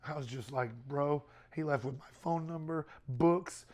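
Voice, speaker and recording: A man's voice: fairly high pitch, a little slow, a little mellow. A middle-aged man speaking to a youth group in a casual, conversational way, often repeating words and using fillers.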